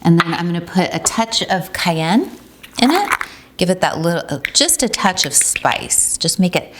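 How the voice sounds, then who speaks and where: A woman's voice: fairly low pitch, very animated, moderate pace, slight background noise. A middle-aged woman from Ukraine, the founder of a tea company, demonstrating a recipe in a chatty way with many ums. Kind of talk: casual recipe demo.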